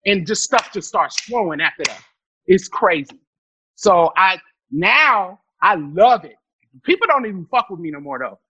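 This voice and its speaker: A woman comedian telling animated, profane stories as a podcast guest, breaking into loud laughter. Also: fairly low pitch, normal speed, husky, no echo, dull audio. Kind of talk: storytelling in a podcast interview.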